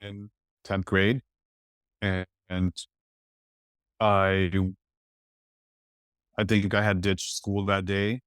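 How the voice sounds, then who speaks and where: Man, from East Los Angeles, podcast guest, smooth resonant voice, reflective, halting storytelling. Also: low-pitched, level tone, fairly bright tone, no echo, clean studio sound. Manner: reflective, halting, many "like" fillers. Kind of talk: personal storytelling.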